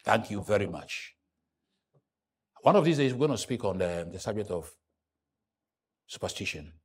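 Lively, joking male pastor preaching. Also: lowish voice, moderate pace, breathy edge. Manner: animated, joking preaching with sudden loud rises. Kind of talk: sermon. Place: church.

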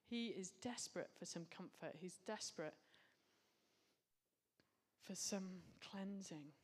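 A woman's voice: lowish voice, takes it slowly, a little hiss or hum. A woman preaching a sermon, earnest and reflective, with casual asides.

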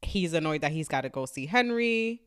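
A woman's voice: low-pitched, expressive, moderate pace, fairly bright tone, clear, resonant tone, no echo, studio quality. A woman co-hosting a podcast, casually recapping a story and swearing freely. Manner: chatty, profane recapping. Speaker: podcast co-host. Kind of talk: casual chat.

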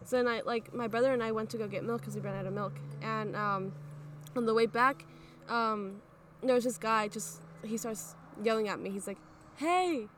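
Soft-spoken young woman, hesitant storyteller. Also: fairly even intonation, moderate pace, noisy background. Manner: hesitant, filler-heavy, low-key telling. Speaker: podcast co-host. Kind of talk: casual storytelling chat. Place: outdoors at an abandoned aqueduct at night.

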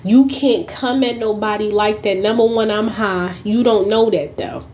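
A young woman hosting a podcast, telling a story in a blunt, profane, animated way and often laughing as she goes. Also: medium pitch, moderate pace, slight background noise. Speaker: podcast host. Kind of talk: casual storytelling monologue.

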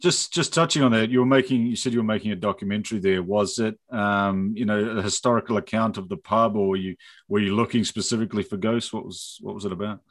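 A woman interviewer asking calm, measured questions in a conversational tone. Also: a bass voice.

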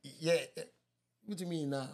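A man's voice: fairly high pitch, moderate pace, a little mellow. A man giving marriage advice in a casual chat with his wife, laughing often, repeating himself and quoting scripture.

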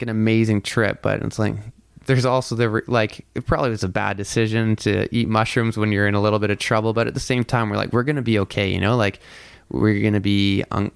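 A man's voice: lowish voice, steady tone, brisk, creaky, smooth, no room sound, clean studio sound. A man telling a long story in casual chat, rambling with lots of filler words and swearing freely. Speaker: podcast guest telling a story.

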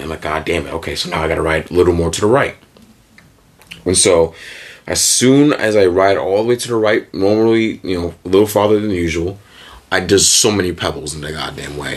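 Low-voiced young man co-host, clowning, loud, animated; casual swearing banter. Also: quick pace, husky. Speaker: podcast co-host.

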